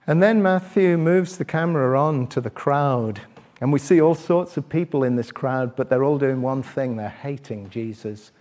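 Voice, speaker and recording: A middle-aged man with a medium-pitched voice preaches a sermon, putting direct questions to his listeners. When stirred he gets loud and fast, then drops quiet and slow to reflect.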